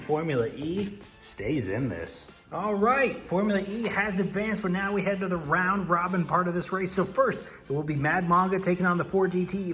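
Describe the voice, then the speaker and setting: A man hosting diecast car races, giving excited sports-style race commentary and calls. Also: sits high. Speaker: diecast racing host. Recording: echoey room with music.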